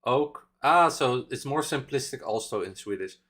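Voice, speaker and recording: A man's voice: mid-range voice, expressive, moderate pace, a bit bright. A man with a Dutch accent chatting casually as a reaction streamer, rambling through explanations with many fillers and chuckles. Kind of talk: casual live reaction chat.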